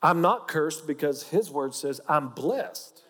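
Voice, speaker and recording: A man's voice: a little high, lively intonation, slow, a bit bright, husky, big-room sound. A man with an Oklahoma accent preaching a sermon, folksy and joking as he teaches. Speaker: pastor.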